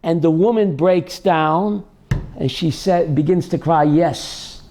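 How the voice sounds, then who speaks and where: High-voiced rabbi telling an emphatic story. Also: male voice, a little slow, darkish tone. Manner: emphatic, repeats key phrases. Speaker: rabbi and radio host. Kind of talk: storytelling on a call-in show.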